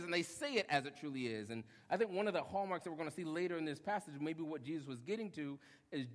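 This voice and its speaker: A young adult male pastor preaching a sermon, lively, acting out short quotes and joking with the congregation. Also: sits high. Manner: animated, acts out short quotes, jokes with congregation. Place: church hall. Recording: long hall reverb.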